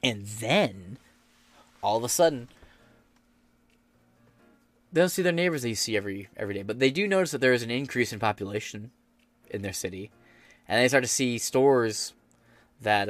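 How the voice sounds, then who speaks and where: A man's voice: on the low side, animated, moderate pace, long pauses, no echo, soft background music. Foul-mouthed sarcastic man ranting. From United States. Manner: profane, sarcastic, rambling. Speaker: podcast host. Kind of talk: ranting political commentary.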